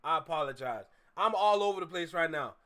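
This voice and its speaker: A man's voice: fairly high pitch, lively intonation, brisk, sharp tone. A man hosting a live stream while driving, casually greeting viewers in slang. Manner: laid-back, greets chatters, slangy. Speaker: livestream host. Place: in a car, driving.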